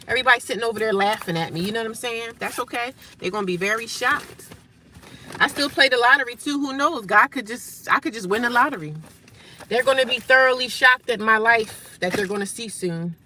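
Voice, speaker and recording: A woman's voice: a little high, brisk, pushed and bright, a little hiss or hum. A woman vlogger talking casually to the camera in a frank, emphatic, motivational way. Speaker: vlogger living in a shelter.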